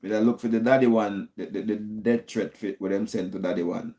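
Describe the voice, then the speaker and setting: A man's voice: lowish voice, fairly even intonation, fairly quick, mellow, a little hiss or hum. A man hosting a call-in stream, musing aloud in a casual, hedging, teasing monologue.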